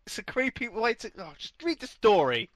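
A man's voice: high voice, sing-song, brisk, no room sound. A man co-hosting a comedy podcast in casual chat, teasing and playfully interrupting. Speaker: podcast co-host.

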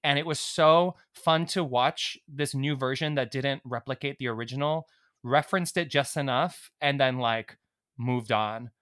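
A man's voice: medium pitch, measured pace, fairly bright tone. A man hosting a casual interview, talking with fan enthusiasm and lots of filler words. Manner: enthusiastic, gushing fan talk full of "like".

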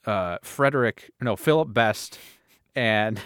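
A man's voice: on the low side, expressive, slow, a bit bright, clear, resonant tone, dry recording, clean studio sound. A man hosting a casual comedic podcast. He rambles through a story, fumbling his words and laughing at himself. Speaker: podcast host.

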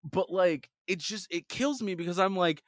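A young man co-hosting a podcast, chatting casually and telling stories in an animated, profane way. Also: high voice, normal speed, no echo, clean studio sound. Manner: animated, profane storytelling with voices. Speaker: podcast co-host. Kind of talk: casual chat.

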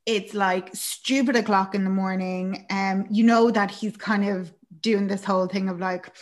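A woman co-hosting a podcast casually recaps a film, chatty and full of fillers, acting out the characters' lines. Her medium-pitched voice has fairly even intonation, a normal speed and hardly any pauses.

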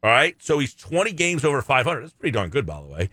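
A man's voice: mid-range voice, fast talker, dry recording. A man co-hosting a sports radio show, giving firm opinions in casual talk. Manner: opinionated, lively, reads out listener texts.

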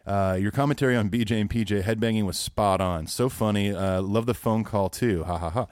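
A man co-hosting a podcast who chats in an easy, agreeable way and laughs along. His voice is fairly low. The sound is close and dry. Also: fairly quick, a little mellow, clean tone, no echo. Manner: laid-back, laughing, agreeable. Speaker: podcast co-host. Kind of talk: casual chat, reading listener emails.

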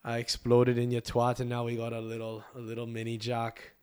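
A man voices a crude footballer with a mock English accent. He is boastful and smug, and he speaks a little lower and softer than the man's own voice. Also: completely flat delivery, a little fast, clean tone, lightly acted. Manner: crude, bragging.

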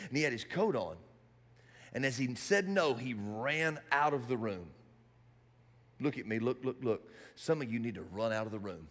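A man preaching a sermon in a church hall, animated and building to shouts. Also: a little high, moderate pace.

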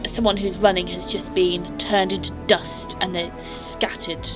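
A woman's voice: on the low side, flat delivery, unhurried, over music. A woman, running a tabletop game as game master and describing scenes in detail. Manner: descriptive, restarts and fillers while narrating.

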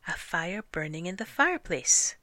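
A woman's voice: sits low, animated, measured pace, bright, forceful tone, no room sound, heavily acted. A woman reading a storybook aloud and voicing a plucky young peasant girl with folksy, dryly doubtful replies. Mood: wry.

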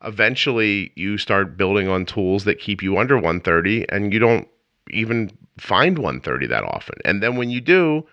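A man's voice: lowish voice, very animated, moderate pace, sharp tone, dry recording. A middle-aged man hosting a podcast interview, chatty and enthusiastic, with rambling asides. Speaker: podcast host. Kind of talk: casual interview chat. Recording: dull lo-fi dry sound.

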